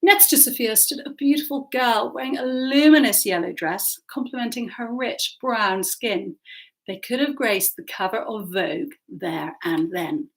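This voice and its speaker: A woman reading aloud from her own novel with a lively, expressive storytelling manner. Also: a little high, measured pace, gravelly. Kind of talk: audiobook narration.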